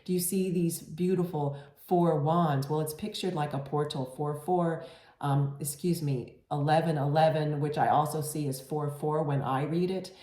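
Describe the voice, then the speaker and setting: A woman with a low, mellow voice gives a gentle tarot reading straight to camera. She talks in a reassuring, unhurried way, full of ums and restarts. The room around her sounds echoey. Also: steady tone. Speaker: tarot reader.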